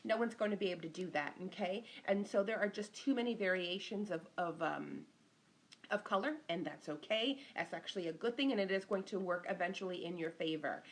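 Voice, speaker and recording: A woman's voice: lowish voice, fairly quick. A middle-aged woman, an interior designer, giving a casual live-stream lesson, chatting and greeting viewers by name as she goes.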